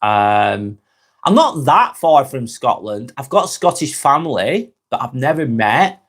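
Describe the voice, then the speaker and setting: A man's voice: medium pitch, very animated, a little slow, fairly bright tone. A man from England with a Lancashire accent, hosting a casual live stream and answering viewer comments, chuckling often and calling people mate. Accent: Lancashire, North West England.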